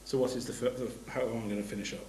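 A man's voice: medium pitch, steady tone, racing, a little mellow, a little hiss or hum. Man preaching in an echoey room. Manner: reads scripture aloud between plain explanations, with restarts. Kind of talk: sermon.

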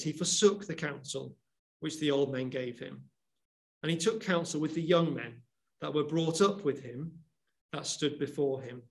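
A man giving a sermon, reading Bible verses aloud and explaining them with questions to his listeners. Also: on the high side. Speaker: preacher.

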